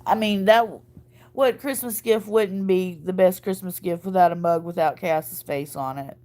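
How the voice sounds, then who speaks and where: Woman stream host, tired after crying, warm casual chatter with frequent laughs and verbal slips. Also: fairly low pitch, normal speed. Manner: chatty, laughing, tripping over words. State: tired from crying and little sleep. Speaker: livestream host. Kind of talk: casual chat.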